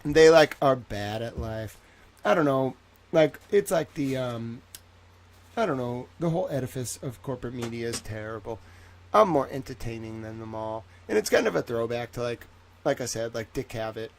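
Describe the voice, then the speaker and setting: A man hosts a casual livestream, rambling and joking at a mid-range pitch. His voice swings between loud outbursts and quiet asides, and it stays loose and chatty throughout. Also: expressive, normal speed. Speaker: livestream host.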